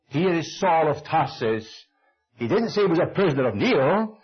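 Older Scottish preacher, lively husky storytelling. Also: male voice, normal speed, muffled recording. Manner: animated storytelling, acting out dialogue with shifting pitch. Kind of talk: sermon with personal storytelling.

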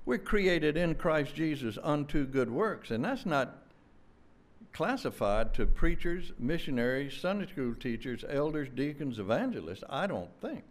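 A man with a voice on the high side preaches a sermon emphatically and fervently. He repeats words and restarts with quick stammers.

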